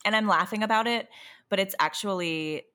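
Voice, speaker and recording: A young adult woman and parent of a toddler, exhausted, talking candidly in a halting, self-interrupting, emotionally raw way. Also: mid-range voice, sharp tone. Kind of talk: candid conversational chat.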